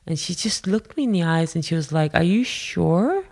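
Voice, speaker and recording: A woman telling a personal story in a candid, halting, self-deprecating way. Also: low-pitched, a little mellow.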